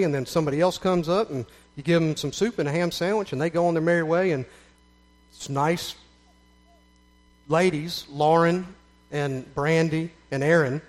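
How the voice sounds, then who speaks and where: A middle-aged man with a Southern American accent gives an earnest, folksy spoken testimony to a gathering, with repeated phrases that build up into emphatic runs. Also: on the high side. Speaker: speaker giving a testimony.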